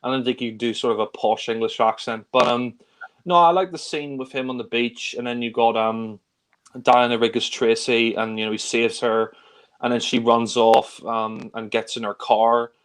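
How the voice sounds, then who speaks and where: Speaking at a moderate pace, this male co-host meanders easygoingly through films he's excited about in a casual chat with friends. His middle-pitched voice is clear, resonant and fairly bright, with fairly even intonation.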